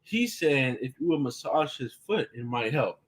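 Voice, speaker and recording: A man's voice: mid-range voice, sing-song, normal speed. A man joking on a casual live show, playful and laughing a lot. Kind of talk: casual live-stream chat.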